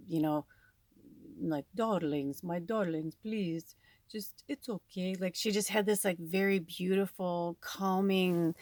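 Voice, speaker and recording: A woman's voice: low-pitched, a little mellow, no room sound. A woman giving a casual spiritual card reading in a rambling, chatty way, full of fillers, recorded at home on a farm. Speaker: tarot and oracle card reader.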